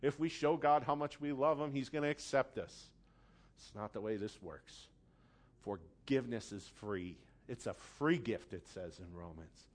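A middle-aged man preaching a sermon as pastor, passionate, dropping to hushed tones and rising to loud emphatic lines. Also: medium pitch.

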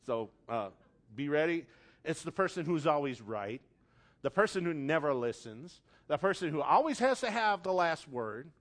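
Male pastor, somewhat high-pitched, casual storytelling sermon with punchy emphasis. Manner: storytelling with acted quotes, conversational; animated, rising to loud emphasis.

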